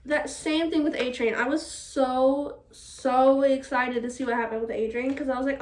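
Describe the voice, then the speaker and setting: Animated, high-voiced young woman ranting. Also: fairly quick, distant mic. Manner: animated, swearing, laughing, with exasperated outbursts. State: still a bit sick. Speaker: vlogger. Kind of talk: casual rant while doing her hair.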